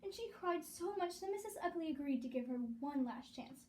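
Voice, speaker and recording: Expressive woman reading a children's story. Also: very high-pitched, a little fast. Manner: animated, expressive. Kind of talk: read-aloud storytelling.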